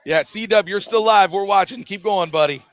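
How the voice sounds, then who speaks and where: A man's voice: high-pitched, moderate pace, a bit bright, no room sound. A man hosting a live call-in sports chat, upbeat and teasing his caller with frequent laughs. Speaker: host.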